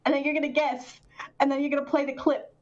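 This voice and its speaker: A woman's voice: sits high, level tone, fast, lo-fi sound. A woman on a casual podcast who swears constantly and runs a quiz game with an exasperated edge. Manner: profane and exasperated. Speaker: game host.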